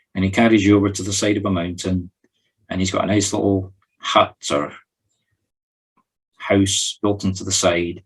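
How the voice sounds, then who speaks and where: Scottish man, spiritual medium, calm guided meditation with a light touch of humour, deep husky voice. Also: low-quality recording.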